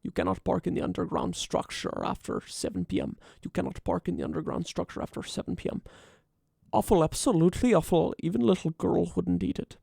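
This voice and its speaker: A gruff, stern figure who barks rules in a vague, made-up foreign accent, as a man puts him on. His delivery is low, flat and clipped. The sound is dry and close, with no room tone. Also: fairly quick, no echo, full character voice.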